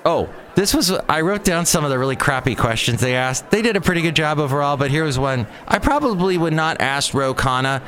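A man's voice: fairly high pitch, expressive, brisk, hardly any pauses, fairly bright tone. A man hosting a show, chatting casually and telling a story with mocking asides. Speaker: host. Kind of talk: casual chat.

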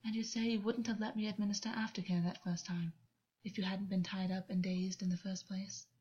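A woman voicing a gentle but controlling man who murmurs slowly and softly, on a dull lo-fi recording. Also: mid-range voice, little pitch movement, slightly rough, close to an everyday voice. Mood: soft, coaxing. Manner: soft, slow, murmuring. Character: soft-spoken, controlling man, caring lover.

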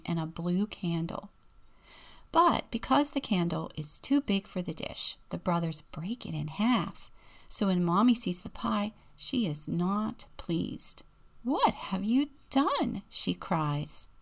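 A woman deacon reading a children's book aloud in a gentle, deliberate storytelling manner. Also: fairly low pitch.

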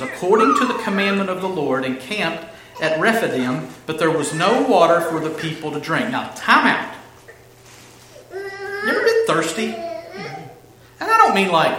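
A man preaching a sermon as pastor, reading scripture aloud and explaining it in an animated, conversational way with asides to the congregation. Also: a little high, normal speed, pauses often. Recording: echoey hall with faint noise.

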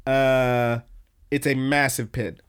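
Podcast guy recapping anime, loose and sweary, lots of um and uh, regular pitch. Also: little pitch movement, slow, a little hiss or hum. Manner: rambling, profane, lots of fillers and restarts. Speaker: podcast host. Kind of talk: casual anime episode recap.

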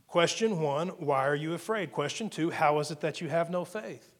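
Earnest preaching man, slightly high voice. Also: normal speed. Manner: earnest, repeats words while building points. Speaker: pastor. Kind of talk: sermon.

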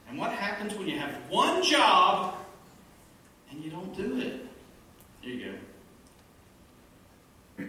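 Pastor with a drawl preaching in an echoey sanctuary. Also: male voice, high-pitched, slow pace, long pauses. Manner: animated, laughs at own jokes. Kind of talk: sermon. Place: church sanctuary. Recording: echoey room from a distance, background noise.

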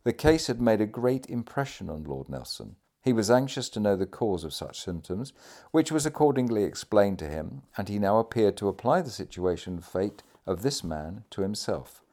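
A man reads a historical account aloud in a measured, formal manner. His voice sits fairly low. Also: big pitch swings, mellow. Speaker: audiobook reader.

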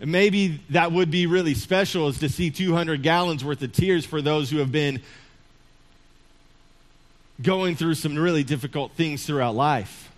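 High-voiced, chatty male preacher. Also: a little slow. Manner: humorous storytelling, chuckles often, conversational. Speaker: pastor. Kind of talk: sermon.

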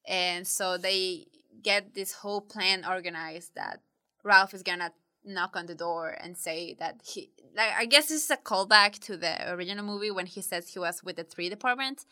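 A woman's voice: lowish voice, normal speed, bright, forceful tone, clean tone. A woman in casual chat, recapping a movie plot in a rambling, giggly way with many "like"s. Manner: rambling, giggly retelling with quoted character voices.

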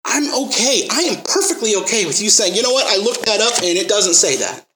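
A man's voice: high voice, big pitch swings, brisk, sharp tone, reverberant, slight background noise, poor audio. A man preaching a sermon, telling stories and acting out the quotes, then pressing the listeners with emphatic rising questions.

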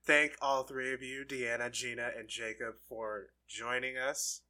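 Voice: mid-range voice, little pitch movement, measured pace, sharp tone. A podcast host in a casual chat who jokes and laughs often while wrapping up the episode. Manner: laughs often, joking and upbeat.

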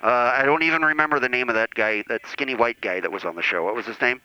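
A man's voice: medium pitch, fast talker, pushed and bright, smooth. A man doing a boastful priest calling in. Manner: rambling, self-important. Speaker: caller. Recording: dull phone-line call.

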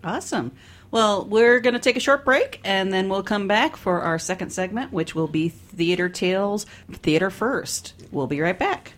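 An upbeat talk show host chats casually with a guest. The voice sits in a middle pitch and the host laughs often while telling stories. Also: normal speed, fairly bright tone. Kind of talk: casual chat.

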